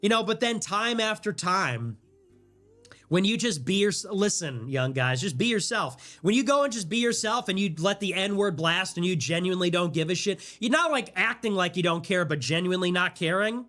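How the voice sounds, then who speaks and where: A man in his twenties, a livestreamer, ranting fast and animated in casual stream talk, with laughing asides. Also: high-pitched, faint music behind. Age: 20s.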